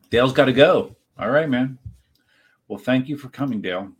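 A man's voice: mid-range voice, animated, normal speed, breathy edge. A man hosting a casual livestream, reading viewer comments aloud and rambling in reply. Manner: rambling, chatty, reads chat aloud and answers. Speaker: livestream host. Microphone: desk setup while live streaming.

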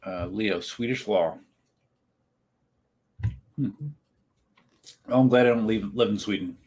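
A man's voice: on the low side, slow pace, a little mellow, husky. A man hosting a casual livestream, reading viewer comments aloud and rambling in reply. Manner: rambling, chatty, reads chat aloud and answers. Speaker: livestream host. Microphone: desk setup while live streaming.

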